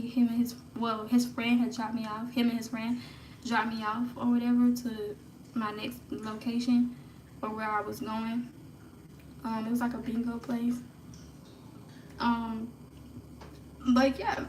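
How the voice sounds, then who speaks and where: Woman livestreamer, higher voice, casual storytelling that drops to whispers, roomy echo with faint background noise. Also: recorded from a distance. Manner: chatty, laughs often, hushes to a whisper when retelling prayers. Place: room at home. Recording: echoey room, off-mic, faint background noise.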